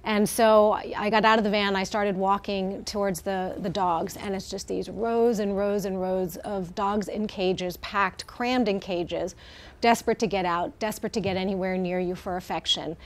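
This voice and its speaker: A woman's voice: mid-range voice, fairly even intonation, normal speed. Heartfelt middle-aged woman TV guest. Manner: heartfelt, many fillers and restarts. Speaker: guest, head of an animal welfare group. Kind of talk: live TV interview.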